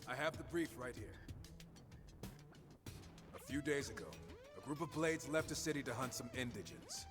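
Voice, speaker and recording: A man's voice: medium pitch, wildly swooping pitch, normal speed. An actor playing an earnest, self-styled swordsman mentor in video game dialogue, solemn and grandiose, with reverb and music behind. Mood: assured.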